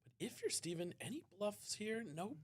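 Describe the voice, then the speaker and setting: Australian male poker commentator, higher-pitched, lively play-by-play. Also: normal speed, slightly rough. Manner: chatty, excitable on big hands. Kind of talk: live tournament commentary.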